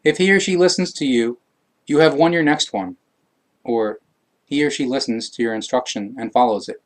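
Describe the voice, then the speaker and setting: A man reading passages of a scripture aloud, slow, measured and solemn. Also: mid-range voice. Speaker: reader.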